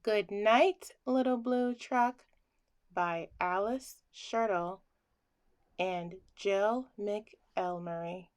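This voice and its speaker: Slow, soothing woman reading bedtime stories. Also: mid-range voice, poor audio. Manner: gentle, soothing, voices animal sounds expressively. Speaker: children's book reader. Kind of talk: bedtime story read-aloud.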